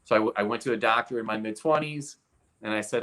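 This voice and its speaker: A man in his forties, a guest expert in an interview, telling a personal story with animated delivery while demonstrating with his arm and hand. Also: fairly low pitch, fast.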